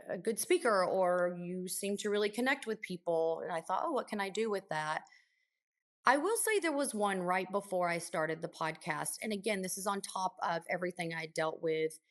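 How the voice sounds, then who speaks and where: A woman's voice: fairly low pitch, a bit bright. A woman who works as an ICU nurse, a guest on a podcast, telling stories from her work in an earnest, emotional way, with many restarts and fillers. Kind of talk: conversational interview storytelling.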